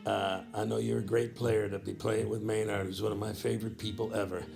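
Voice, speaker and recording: A man quietly putting on the voice of a kindly elderly bandleader who speaks softly and generously. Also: on the low side, little pitch movement, brisk, gravelly, music in the background, voice pushed down. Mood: warm.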